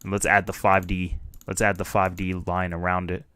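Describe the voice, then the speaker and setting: A man's voice: low-pitched, moderate pace, smooth, no echo. A young man giving casual, joking live commentary as a streamer reacting to a video. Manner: animated and joking.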